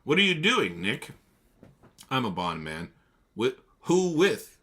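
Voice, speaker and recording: A man putting on a loud, brusque voice for a gruff, dismissive rich husband while reading a novel aloud. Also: medium pitch, wildly swooping pitch, takes it slowly, voice pushed up, heavily acted.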